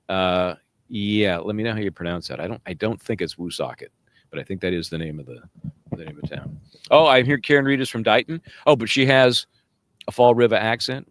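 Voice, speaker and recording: A man's voice: on the low side, no room sound. A man chatting casually on a live stream, rambling between topics and reading out viewer comments. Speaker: livestream legal commentator. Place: outdoors near a courthouse.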